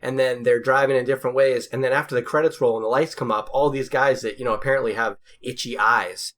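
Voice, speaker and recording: A man's voice: medium pitch, steady tone, fast talker, a bit bright. Guy from the boston area rambling on a podcast, lots of you-knows, mid voice. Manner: chatty, rambling with fillers. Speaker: podcast co-host. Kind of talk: casual chat.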